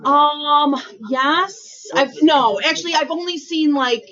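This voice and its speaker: A high-sitting female voice moves at a slow pace over crowd noise as a high school math teacher works through a lesson. Talkative and self-mocking, she checks in with students often, asking "right?" and "okay?". It's a distant, dull classroom recording with faint noise.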